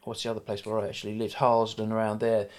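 A man's voice: on the low side, monotone, racing, crowd noise. A man in his sixties with a middle-class South London accent, a guest in an interview talking frankly and rambling, with many fillers and restarts. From South London, England. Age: 60s. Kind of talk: conversational interview.

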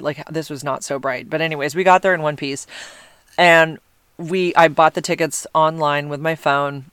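A woman's voice: deep voice, fairly even intonation, moderate pace, gravelly, fairly bright tone, clean tone, no echo. A middle-aged woman hosting her own podcast, chatting casually and rambling with lots of fillers and restarts. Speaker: podcast host. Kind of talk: casual solo podcast chat.

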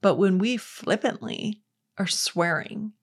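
A woman's voice: mid-range voice, slow, husky. A woman hosting a faith podcast, giving an earnest, conversational Bible teaching with quotes acted out. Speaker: podcast host.

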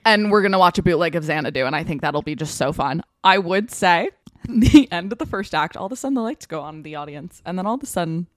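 Twenties woman podcast cohost, kinda low voice, rambly storytelling, dry close mic. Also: animated, fast talker, dry recording. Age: 20s. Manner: chatty storyteller, swears casually. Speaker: podcast co-host. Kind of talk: casual chat.

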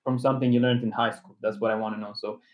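A man's voice: lowish voice, little pitch movement, quick pace, poor audio. A man co-hosting a casual podcast, joking and talkative. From Romania. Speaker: podcast co-host. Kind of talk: casual podcast chat over a call.

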